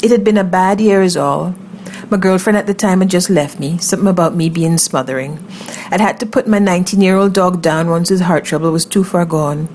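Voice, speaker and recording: Brief: woman narrator, lowish voice, wry conversational first-person reading, faint ambience. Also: brisk, a little mellow, a little hiss or hum. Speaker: story narrator.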